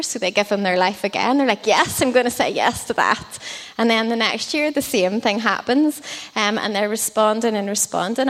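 A woman preaching a sermon in a conversational way, with frequent ums and likes. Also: medium pitch. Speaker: children's ministry leader preaching. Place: church hall. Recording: long church hall reverb.

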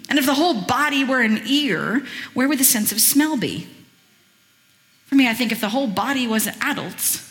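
This guest preacher's voice sits a little high, and it trails off into a long reverb in the church. Her sermon is casual and full of chatty asides, and she brings energy and expression to the scripture she reads aloud.

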